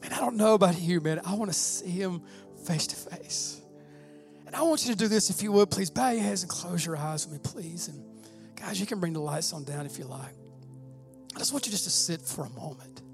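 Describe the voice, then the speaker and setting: A man preaching a fervent sermon as pastor, often saying "man" and swelling loud when he reads scripture. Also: sits high, a little fast, faint music behind.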